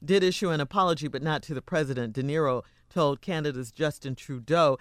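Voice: mid-range voice, brisk, dry recording, studio quality. A radio host reading news items and introducing the next segment. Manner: animated, laughing readily. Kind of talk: morning radio banter.

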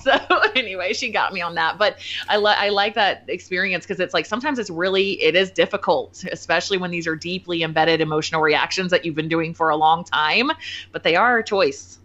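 A woman in her forties hosting a podcast, chatting casually, laughing often and acting out quotes in lively voices. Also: on the low side, brisk. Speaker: podcast host. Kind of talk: casual chat. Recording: muffled lo-fi sound.

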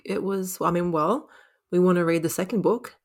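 A woman co-hosting a casual book-club podcast, relaxed and asking her co-host questions. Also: lowish voice, normal speed.

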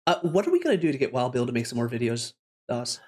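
A man's voice: medium pitch, sing-song, fast. A man hosting a casual podcast, upbeat and rambling, laughing often. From Canada. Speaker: podcast host.

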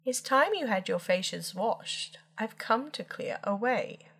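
A woman's voice: a little high, animated, a little slow, vocal fry, fairly bright tone, breathy edge, heavily acted. A woman voicing a bossy silver tea tray that sings out in a storybook poem.

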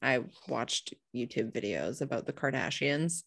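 A woman with a low speaking voice chats bluntly on a podcast, swearing freely and laughing often. The recording is dry and close. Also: lively intonation, unhurried, gravelly, fairly bright tone, no echo. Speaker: podcast co-host. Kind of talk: casual chat.

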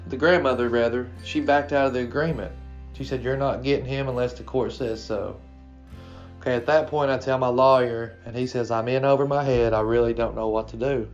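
A man's voice: mid-range voice, a little mellow. Man in his thirties, from Kentucky, earnest personal story, muffled lo-fi sound, faint guitar behind. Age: 30s. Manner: plain, earnest storytelling with quoted dialogue. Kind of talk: first-person personal story told to camera. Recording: dull lo-fi recording with faint guitar music.

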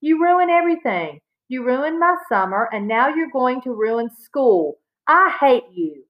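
A woman reading aloud, voicing an angry, humiliated young boy who shouts at his sister. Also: on the high side, sing-song, moderate pace, highs cut off, voice pushed up. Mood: furious. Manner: shouting, resentful.

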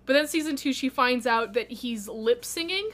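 A woman with a fairly high voice chats on a podcast, chatty and quick to act out the lines she quotes. She sounds relaxed and talkative in a casual conversation. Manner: chatty, retells scenes with quoted voices and laughs. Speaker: podcast co-host. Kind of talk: casual chat.

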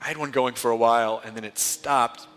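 A man hosting a live podcast before an audience, joking and animated. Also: medium pitch, fairly quick. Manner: joking, animated, self-mocking. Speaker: podcast host. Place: large museum hall with live audience. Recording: live in a reverberant hall, faint noise.

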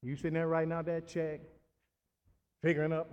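A man's voice: a little high, little pitch movement, a little fast, long pauses, a little mellow, muffled recording, a little hiss or hum. A male pastor preaching a sermon, laughing, repeating words and calling for amens. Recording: long reverb of a church hall.

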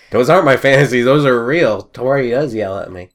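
A man's voice: medium pitch, lively intonation, fairly quick. Rambling young man on a podcast. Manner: rambling, jokey, acts out shouted scenes. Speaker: podcast host. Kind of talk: casual chat.

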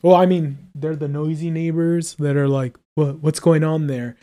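A podcast co-host with a dark, mellow voice walks through the scenes of a film. The talk is loose and full of filler words. The pitch sits in a middle range. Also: steady tone, moderate pace. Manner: recaps scenes with many likes and ums. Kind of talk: casual film review chat.

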